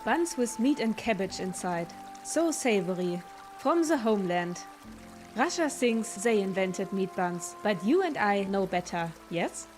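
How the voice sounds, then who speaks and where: A woman's voice: medium pitch, animated, unhurried, soft background music, close to an everyday voice. Woman playing Dorothea, German-accented market baker. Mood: proud. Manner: warm, hospitable sales patter. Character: cheerful adult woman baker at a market stall.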